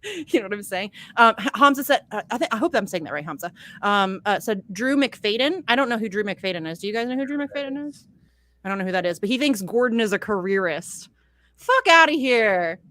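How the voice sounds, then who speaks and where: A woman's voice: medium pitch, animated, fast, fairly bright tone, no echo. A woman from Ohio, hosting a casual podcast, ranting bluntly and swearing a lot. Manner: blunt, exasperated, profane ranting. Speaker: podcast host.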